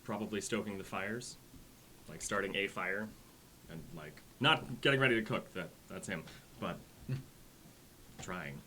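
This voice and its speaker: Low bright voiced guy at a tabletop game, dry short answers. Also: a little slow, pauses often, a little hiss or hum. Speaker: player.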